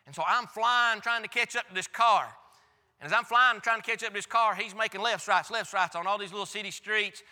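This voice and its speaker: A man's voice: high-pitched, brisk, pushed and bright, big-room sound. A pastor preaching a sermon, telling a folksy, emphatic story from his own life. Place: church.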